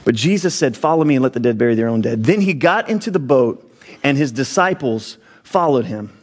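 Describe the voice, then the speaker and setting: A man's voice: mid-range voice, lively intonation, a little fast. A man preaching a sermon as pastor, with rising emphasis and frequent restarts.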